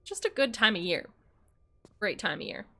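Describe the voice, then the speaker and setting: A woman's voice: medium pitch, sing-song, normal speed, bright, forceful tone. A young woman streaming a game, chatting casually with viewers, bubbly and swearing freely as she plays. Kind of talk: casual livestream chat while playing.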